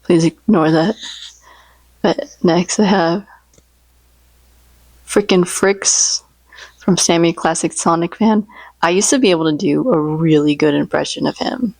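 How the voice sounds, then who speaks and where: A woman's voice: fairly low pitch, unhurried, gravelly, long pauses, darkish tone, no room sound. A woman vlogging in a casual, rambling, chatty way, joking about her favorite memes and impressions. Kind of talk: casual chat.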